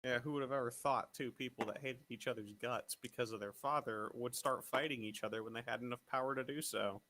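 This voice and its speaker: Sarcastic bright-voiced man player. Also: mid-range voice, fairly even intonation, a little fast, slight background noise. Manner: sarcastic, mocking. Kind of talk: tabletop game banter.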